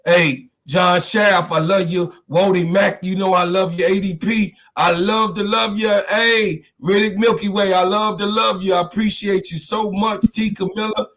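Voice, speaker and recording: A man with a Chicago accent hosting a casual livestream, talking loosely and shouting out his viewers. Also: high-pitched, fairly even intonation, normal speed, hardly any pauses. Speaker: livestream host. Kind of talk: casual live-stream chat.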